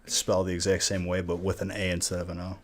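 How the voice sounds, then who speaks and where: While opening card packs on a live stream, a man chats casually and jokes with viewers, greeting them by name. He has a low-pitched, monotone voice with a fairly bright tone and a quick pace, and his manner is laid-back.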